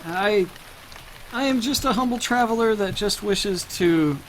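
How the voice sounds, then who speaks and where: A man voicing a strange, evasive old male carnival traveler, speaking haltingly and attempting a German accent, over faint rain. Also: sits high, a little hiss or hum, pitched above the performer's own voice.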